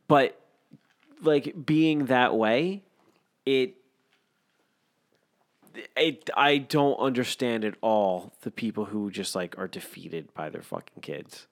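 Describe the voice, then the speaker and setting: A man's voice: medium pitch, animated, slow, creaky. A man co-hosting a casual podcast from a room at home, talking bluntly with heavy swearing and indignant rants. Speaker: podcast co-host. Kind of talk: casual chat.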